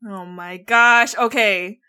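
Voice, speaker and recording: A woman guest telling childhood stories in a casual, animated, giggly way, full of "like" fillers. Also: mid-range voice, slow, clean tone. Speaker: interview guest. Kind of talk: casual storytelling.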